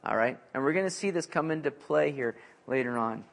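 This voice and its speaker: A man preaching an expository sermon in a conversational, animated way, with frequent fillers. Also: medium pitch, fairly quick, gravelly. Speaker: pastor.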